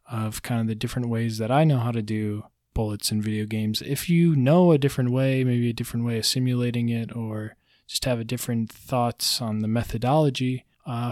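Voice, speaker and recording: A man hosts his own podcast in a relaxed, easygoing way, with frequent ums and uhs as he talks. His voice sits at an ordinary middle pitch. The sound is dry and close, with no room echo. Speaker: podcast host. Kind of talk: casual solo podcast talk.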